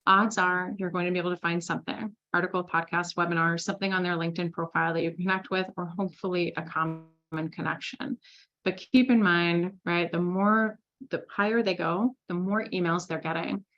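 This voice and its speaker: Lively chatty woman teaching sales. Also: fairly low pitch, fairly quick, highs cut off. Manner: lively, chatty storytelling with quoted asides. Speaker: sales trainer. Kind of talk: recorded masterclass talk.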